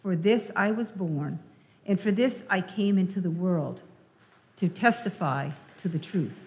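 A woman voicing a calm, solemn man on trial, read slowly and evenly. Long church reverb trails each phrase. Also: lowish voice. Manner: measured, plain reading. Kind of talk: scripture reading.

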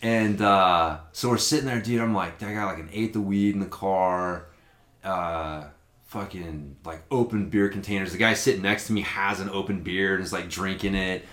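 A low-pitched man talks at a normal speed, casually spinning a long, rambling story on a podcast and swearing a lot. He's an animated, profane storyteller, recorded in an echoey room.

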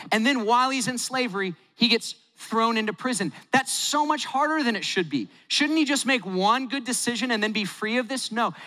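A man delivers a sermon, telling the story with lively, animated delivery and acting out the quotes. His voice sits high and bright. It rings out with the long reverb of a large hall. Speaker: pastor.

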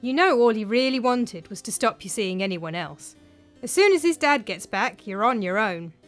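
A woman's voice: on the high side, lively intonation, moderate pace, faint music behind, lightly acted. A woman voicing a blunt, dry-talking young woman friend.

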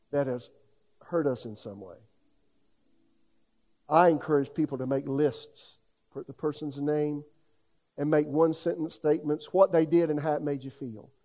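Folksy middle-aged preacher with a mellow voice. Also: male voice, fairly high pitch, fairly even intonation, a little slow, pauses often. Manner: folksy, conversational preaching with many "you know" asides. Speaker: pastor. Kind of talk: sermon.

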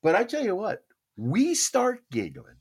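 An older man, a podcast host, telling a casual story in an animated way and acting out the voices of the people in it. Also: high-pitched, measured pace, husky. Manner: animated, acts out quoted voices.

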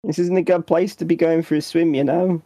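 A man's voice: fairly high pitch, flat delivery, fairly quick, mellow, dry recording, close to an everyday voice. A man voicing a naive, childlike male adventurer in a tabletop role-play, earnest and sing-song.

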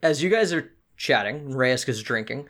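A man's voice: medium pitch, animated, moderate pace, fairly bright tone. A man narrating as game master of a tabletop game in a casual, descriptive way.

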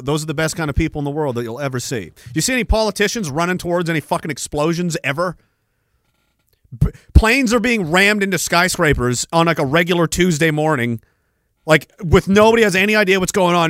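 A man's voice: a little high, a little fast, a bit bright, no echo, clean studio sound. A man in his thirties hosting a solo podcast, ranting in a rambling, profane, self-mocking way. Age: 30s. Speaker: podcast host.

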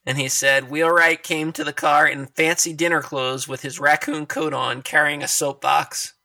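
A man's voice: fairly high pitch, fairly even intonation, normal speed, gravelly, pushed and bright. A man telling stories in casual conversation, chatty and laughing often. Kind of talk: casual conversation about poetry.

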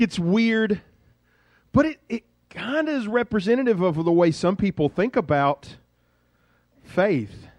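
A male pastor preaching a sermon in a lively, conversational storytelling way. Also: sits high, no room sound, highs cut off.

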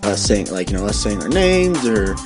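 A man's voice: fairly low pitch, sing-song, normal speed, music in the background. A man co-hosting a casual podcast, rambling with lots of fillers and swearing. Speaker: podcast co-host.

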